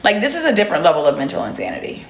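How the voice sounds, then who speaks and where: A young woman hosts a livestream, talking bluntly and directly to her viewers and swearing freely in casual chat. Her low-ish voice has huge pitch swings, a racing pace and vocal fry, and the sound is roomy with a little hiss or hum.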